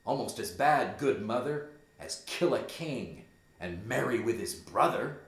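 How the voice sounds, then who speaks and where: A man voicing a bitter, intense young prince, reading the verse in a measured, emphatic way. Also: medium pitch, expressive. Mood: accusing. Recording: echoey room.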